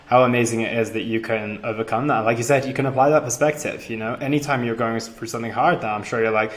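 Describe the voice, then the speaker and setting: Guy hosting a fitness podcast, mid voice, relaxed and encouraging. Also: mid-range voice, fast talker, few pauses. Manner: encouraging, relaxed follow-up questions. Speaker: podcast host. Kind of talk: casual interview chat.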